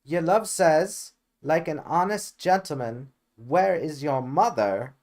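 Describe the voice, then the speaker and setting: A man's voice: fairly high pitch, lively intonation, slow pace, darkish tone. A man voicing a talkative, bustling middle-aged nurse in an amateur reading of a Shakespeare play. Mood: teasing.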